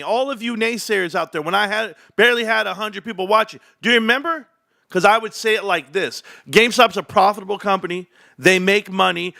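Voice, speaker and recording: A man hosting a casual livestream, talking about stocks in an animated, boastful, rambling way. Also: high-pitched, no room sound, studio quality. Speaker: host.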